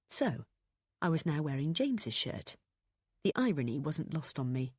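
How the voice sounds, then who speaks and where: Low-voiced woman narrating an audiobook. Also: very animated, moderate pace, a little mellow, slightly rough, no echo, clean studio sound.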